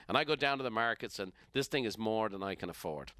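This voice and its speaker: A middle-aged man with an Irish accent tells stories for a motivational business podcast, acting out the characters as he goes. His voice sounds bright and crisp. The recording is close and dry. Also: lowish voice, fast talker, no echo. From Ireland. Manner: animated storyteller who acts out characters. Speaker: business coach and podcast host. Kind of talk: storytelling motivational talk.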